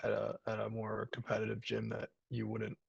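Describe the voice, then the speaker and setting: Gravelly, husky man rambling on a call. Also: fairly low pitch, monotone, fairly quick, no room sound, dull audio. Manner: rambling, many fillers and restarts. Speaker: guest, jiu-jitsu brown belt. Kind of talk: casual chat over video call. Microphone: video call.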